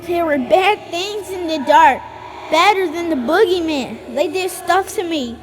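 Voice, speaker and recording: A woman's voice: extremely high pitch, a little slow, a little hiss or hum. A woman voicing a frightened young boy in a video game cutscene. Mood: eerie.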